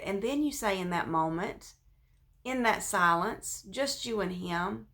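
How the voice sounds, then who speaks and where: A woman giving an informal devotional talk, speaking conversationally with many fillers and restarts, and dropping to a soft, hushed voice when she voices prayers. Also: medium pitch, measured pace, vocal fry.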